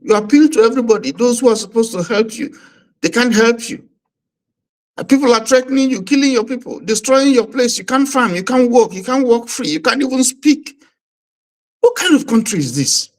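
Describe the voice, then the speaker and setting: A man's voice: extremely high pitch, expressive, fairly quick, rough recording. A man speaking as a livestream panel guest, indignant and repeating himself.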